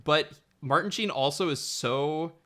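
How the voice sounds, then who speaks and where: Bright, jokey male podcast co-host. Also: on the high side, measured pace. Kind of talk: casual chat.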